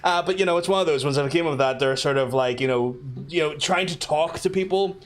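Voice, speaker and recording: A man's voice: on the high side, quick pace. A man with a Belfast accent chatting casually while streaming a game, rambling and swearing with many fillers and restarts.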